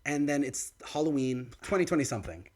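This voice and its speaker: A young man co-hosting a podcast, telling a story in casual chat and acting out the quoted lines of others. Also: a little fast. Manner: animated, acts out quoted dialogue with big pitch swings. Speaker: podcast co-host. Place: podcast studio.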